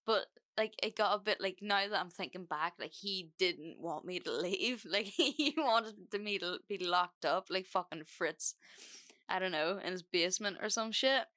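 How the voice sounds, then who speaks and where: Speaking at a moderate pace in a fairly bright, mid-range voice, this young podcast host recounts a breakup in a casual, candid manner. Her telling is chatty and packed with swearing and fillers.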